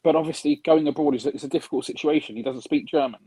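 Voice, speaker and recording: A man's voice: fairly high pitch, fast talker, warm tone, husky, no echo, poor audio. A man on a casual panel chat, reasoning hesitantly with frequent restarts.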